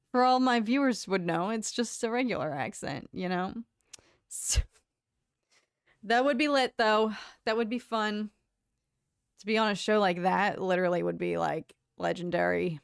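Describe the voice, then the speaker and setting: A young woman chats through her livestream, reading comments aloud in a bubbly, talkative way. Her voice is smooth and clear, sitting at a middle pitch for a woman. The sound is dry and close, with no room around it. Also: dry recording. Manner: chatty, bubbly, laughs often, hums filler tunes. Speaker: livestream host. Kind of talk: casual chat reading live comments.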